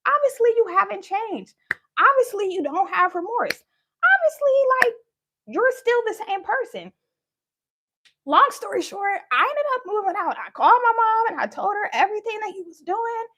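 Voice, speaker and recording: A woman's voice: extremely high pitch, sing-song, normal speed, sharp tone. A young woman candidly telling a personal story in a live talk, acting out what people said. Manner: candid, conversational, acts out quoted lines. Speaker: speaker sharing her story.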